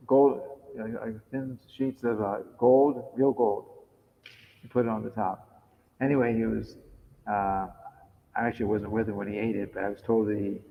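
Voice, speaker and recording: A man reading aloud and chatting informally at a temple, halting and restarting when he talks freely and growing louder as he reads. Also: lowish voice, vocal fry. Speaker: temple devotee reading to a group. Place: temple hall. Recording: dull lo-fi recording in a long-echo hall.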